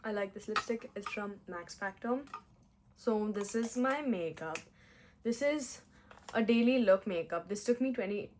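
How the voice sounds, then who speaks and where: A young woman rambles to her viewers in a chatty, giggly way, poking fun at herself as she talks through her makeup. Her pitch sits in the middle of the range and moves freely. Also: lively intonation, normal speed. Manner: chatty, giggly, self-mocking, with playful mock-Italian put-on phrases. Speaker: vlogger. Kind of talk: casual chat while doing makeup.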